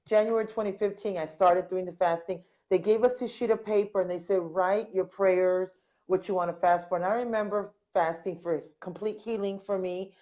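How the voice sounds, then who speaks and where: An American woman hosts a casual live online interview at a mid-range pitch. She is animated and quick to exclaim as she reads viewer comments aloud. The audio sounds muffled and lo-fi. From United States. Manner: animated, exclaims "wow" and "amazing" often. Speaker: host of a live interview show.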